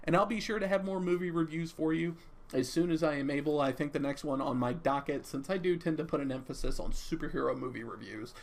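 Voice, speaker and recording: Young male reviewer, rambling and stammering, raised voice with fry. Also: fairly high pitch, fast talker. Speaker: movie reviewer. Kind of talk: casual off-the-cuff review.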